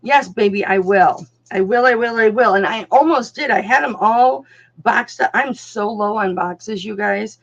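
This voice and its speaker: A woman runs a live online jewelry auction in casual, talkative style. Her mid-pitched voice has a gravelly edge with plenty of fry, and she keeps calling viewers darling and honey. The sound is muffled and lo-fi. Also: unhurried. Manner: chatty, calls viewers darling, honey and doll. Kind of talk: casual live-stream selling chat. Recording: dull lo-fi sound.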